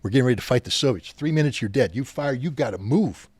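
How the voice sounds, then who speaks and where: A man's voice: mid-range voice, expressive, fast, a little mellow, husky, no echo. A man in his sixties, a podcast guest, telling anecdotes with animation and acting out the officers he quotes. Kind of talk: storytelling in a podcast interview.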